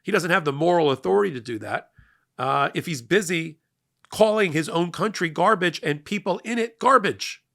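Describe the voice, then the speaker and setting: A man's voice: on the high side, normal speed, vocal fry. A middle-aged man delivering a passionate, emphatic political monologue as host of a commentary show. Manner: emphatic, energetic, rising to loud peaks.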